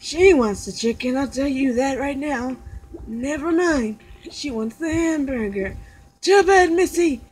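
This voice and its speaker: A woman's voice: sits high, unhurried, darkish tone, slight background noise, low-quality recording. A woman giving playful, jokey commentary while playing a cooking game. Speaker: gamer. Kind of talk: casual let's play commentary.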